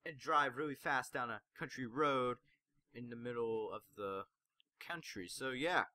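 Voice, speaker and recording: Rambling man with a bright, dry voice. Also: mid-range voice, unhurried, no room sound. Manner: rambling, loses his train of thought; casual, with many fillers. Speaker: gaming video maker. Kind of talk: casual gaming commentary.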